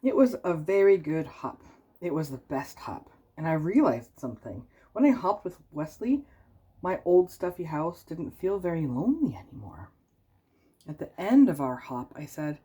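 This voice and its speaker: Low-voiced woman reading a children's story. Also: big pitch swings, moderate pace, mellow, breathy edge. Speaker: storybook reader. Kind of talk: reading a children's picture book aloud.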